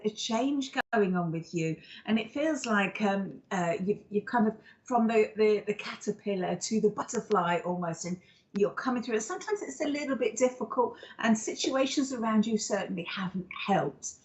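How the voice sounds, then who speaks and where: A woman, a psychic medium hosting a live show, giving a card reading in an affectionate, rambling way full of fillers and endearments. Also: mid-range voice.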